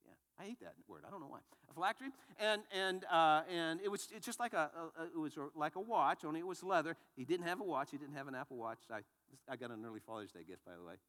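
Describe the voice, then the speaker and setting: Animated male pastor in a reverberant hall. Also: a little high, quick pace, hardly any pauses. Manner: animated storytelling with many restarts. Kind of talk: sermon.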